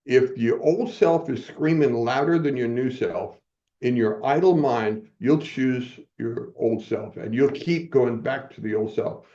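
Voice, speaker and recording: A man's voice: mid-range voice, a little slow, mellow. Guy in his 70s telling his story on a podcast, fired up and pep-talky, kinda dull lo-fi sound. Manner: motivational, acts out quoted dialogue. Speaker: podcast guest. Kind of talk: personal storytelling in a podcast interview.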